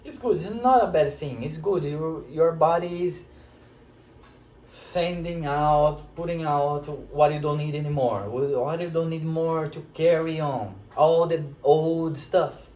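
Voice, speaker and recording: A man telling a personal spiritual story to camera, in an emotional, reflective way with many pauses. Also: fairly high pitch, darkish tone. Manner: slow, emotional, reflective, pausing often. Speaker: spiritual teacher sharing a personal experience. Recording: echoey room.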